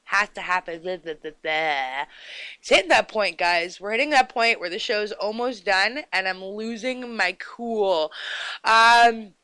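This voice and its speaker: A woman's voice: medium pitch, measured pace, bright, forceful tone, clean tone, no echo. A woman hosting her own radio show, chatting in a bubbly, rambling way into a close studio mic. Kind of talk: casual radio chat.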